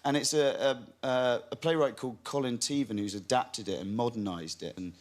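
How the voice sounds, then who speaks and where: A man, an actor guest on a talk show, telling anecdotes in a relaxed, self-deprecating way. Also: medium pitch, a little fast. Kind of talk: chatty interview.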